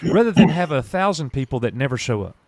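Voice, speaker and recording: A man's voice: medium pitch, very animated, fast, no echo. Guy chatting on a live stream, direct and rambly, laughs a lot, dry close sound. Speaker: YouTube content creator, guest. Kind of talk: casual live-stream chat.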